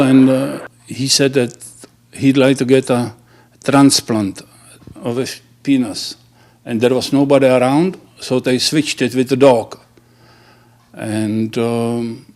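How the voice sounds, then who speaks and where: Man, joke teller, halting, restarts words, mid-pitched. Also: a little mellow. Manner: halting, restarts words, laughs at own punchlines. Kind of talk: telling dirty jokes.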